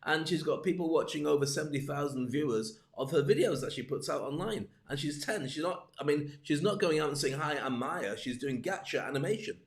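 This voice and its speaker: A man's voice: a little high, expressive, fairly quick, hardly any pauses. Rambling playful man in an echoey room. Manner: rambling, digressive and playful, acting out gestures. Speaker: host. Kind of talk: casual comedic talk to camera. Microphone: streamed from home, camera.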